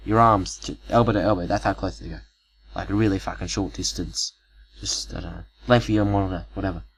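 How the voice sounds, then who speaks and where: A man's voice: lowish voice, rough recording. A young man telling an improvised story in a casual, profane, rambling way, full of asides, recorded on a cheap home microphone.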